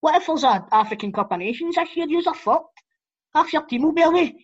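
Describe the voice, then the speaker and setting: A man's voice: extremely high pitch, expressive, quick pace, a bit bright. A Scottish man hosting a football podcast, chatting bluntly and swearing freely. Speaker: podcast host. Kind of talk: casual football chat. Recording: dull lo-fi audio.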